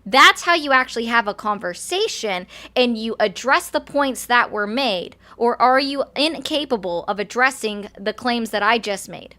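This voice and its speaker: A woman commentator with a bright, forceful voice who talks in a firm, lecturing way. She presses her point, interrupts often and keeps a slightly raised pitch. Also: lively intonation, normal speed, hardly any pauses. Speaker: livestream political commentator. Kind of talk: heated call-in argument.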